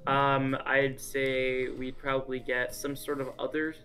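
A young man chatting casually about game predictions, excitable and rambling. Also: medium pitch, a little slow, faint music behind. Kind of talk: casual gaming chat.

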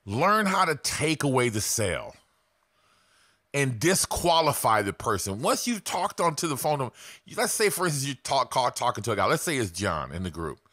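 A man's voice: mid-range voice, big pitch swings, normal speed, a bit bright, no room sound, clean studio sound. A man giving casual, blunt sales coaching to camera, swearing freely.

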